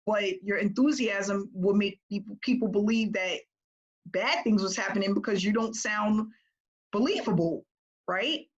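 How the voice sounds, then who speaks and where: Woman coaching her team, chatty and energetic, says "right?" a lot, muffled lo-fi sound. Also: medium pitch, breathy edge. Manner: energetic and conversational, often tagging "right?". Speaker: business coach. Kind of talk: casual coaching call.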